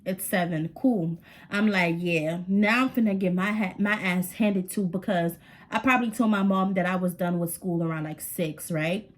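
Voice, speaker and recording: A woman's voice: on the low side, moderate pace. A young woman telling a dramatic story to her viewers in a chatty, slangy way. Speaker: storytime vlogger. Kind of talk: casual storytelling to camera.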